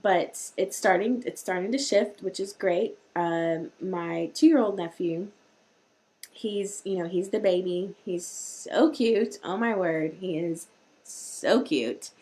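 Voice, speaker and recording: A woman's voice: on the low side, takes it slowly, warm tone. A woman hosting a live-streamed parenting talk, chatty and rambling, with many restarts. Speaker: host.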